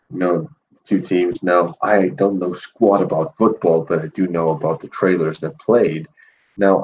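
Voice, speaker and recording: A man hosting a casual thank-you stream, speaking in a groggy morning voice and rambling with many fillers and pauses. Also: low-pitched, a little mellow, lo-fi sound, slight background noise. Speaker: channel host.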